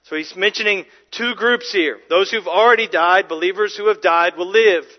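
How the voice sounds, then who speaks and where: A man's voice: high voice, normal speed, muffled recording. A man preaching a sermon as pastor, earnest and emphatic, often restarting and repeating words.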